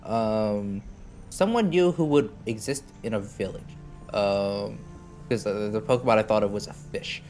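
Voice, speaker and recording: A man's voice: fairly low pitch, measured pace, a little mellow, faint music behind. A man playing a tabletop game, casual and hesitant, with many fillers. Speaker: player.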